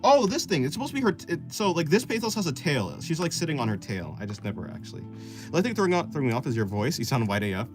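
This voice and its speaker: A man's voice: a little high, very animated, fast talker. A young man with an American accent chatting casually while drawing, rambling and explaining at length with many fillers and restarts. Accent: General American. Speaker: art streamer. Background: guitar music.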